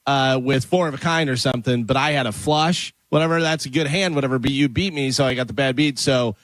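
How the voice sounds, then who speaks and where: A man's voice: medium pitch, brisk, fairly bright tone, no echo, low-quality recording. A man co-hosting a radio show in a studio, telling anecdotes and explaining things in casual chat. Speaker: radio co-host.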